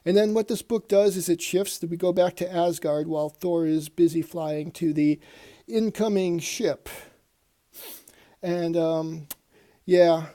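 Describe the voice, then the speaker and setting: A man's voice: fairly high pitch, a little slow, warm tone. A man hosting a casual comic book review show, rambling and reading panels aloud in put-on voices.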